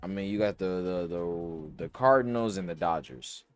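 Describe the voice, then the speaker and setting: Young male podcast host, low voice, loose slangy rambling, dry close mic. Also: normal speed, clear, resonant tone, no room sound, soft background music. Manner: rambling, thinking aloud with slang and cursing. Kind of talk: casual sports betting talk.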